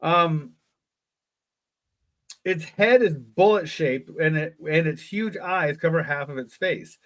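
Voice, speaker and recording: A man's voice: on the high side, slow pace. A man co-hosting a live podcast, reading a gamebook aloud and breaking off into joking asides. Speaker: podcast co-host. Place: live online show.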